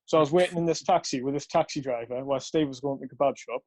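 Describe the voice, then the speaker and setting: A man's voice: medium pitch, racing, a little mellow. A young man casually telling a rambling story, swearing often and laughing along. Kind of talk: casual chat.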